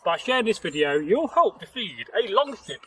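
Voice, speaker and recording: A man's voice: high voice, big pitch swings, moderate pace, fairly bright tone, a little hiss or hum, poor audio. A man, telling a folktale outdoors in a rambling, chatty way, laughing and joking with a companion. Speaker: folktale storyteller and channel host. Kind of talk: casual spoken storytelling. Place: outdoors in nature.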